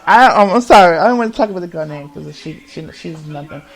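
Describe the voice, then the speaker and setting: A man hosting his own podcast, telling his story in a confessional monologue, rambling and halting with many restarts, heavy swearing and an agitated, emotional manner. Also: high-pitched, animated, low-quality recording. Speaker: podcast host.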